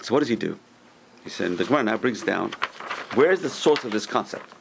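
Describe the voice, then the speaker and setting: A man, a rabbi teaching a Torah class to a live group, who tells stories in an animated way, acts out the quoted speech with sudden high lifts, and puts questions to the listeners. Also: brisk, vocal fry, noisy background. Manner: talks to the room, asks listeners questions.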